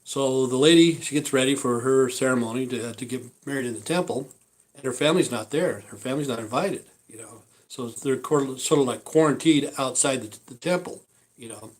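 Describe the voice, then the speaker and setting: A man chatting on a home live stream, rambling from one thought to the next. His talk is loose and full of "you know" and "uh" as he eats. His voice sits at an ordinary middle pitch. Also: fairly quick, low-quality recording. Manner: rambling, with many fillers and asides. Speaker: vlogger.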